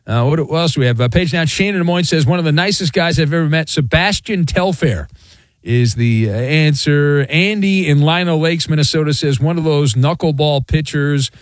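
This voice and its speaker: A man's voice: fairly high pitch, normal speed, no echo. A man hosting a sports radio show, chatting casually with a wry, rambling manner and plenty of "uh"s.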